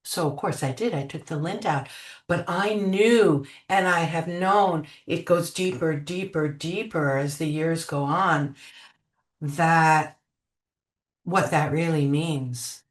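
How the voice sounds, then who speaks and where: An older woman telling spiritual memories as an interview guest, gentle and unhurried, trailing off with many fillers. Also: deep voice. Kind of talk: reflective spiritual storytelling. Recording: echoey room.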